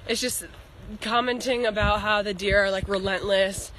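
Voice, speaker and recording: A woman's voice: medium pitch, fairly even intonation, normal speed, fairly bright tone. A young woman with a congested nose and scratchy throat, chatting casually on a hiking vlog, rambling with lots of fillers. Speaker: long-distance hiker vlogger. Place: outdoors on a hiking trail.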